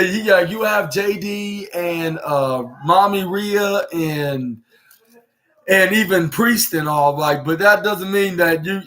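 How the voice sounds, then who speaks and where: A man's voice: on the high side, fairly bright tone. Rambling man hosting a wrestling podcast. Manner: rambling, frequent fillers and restarts. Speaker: podcast host. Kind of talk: casual wrestling show recap.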